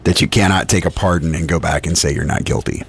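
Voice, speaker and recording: A man's voice: low voice, steady tone, quick pace, creaky, husky. A man with a New England accent, co-hosting a morning radio show and giving his views in a rambling way with many restarts. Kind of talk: casual radio talk.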